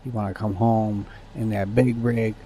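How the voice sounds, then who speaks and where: A man with a lowish voice talks to his chat while he plays, loose and casual. He rants freely and swears often, and a faint hum sits behind him. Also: little pitch movement, measured pace, dark tone. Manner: profane, ranting to chat. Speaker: streamer.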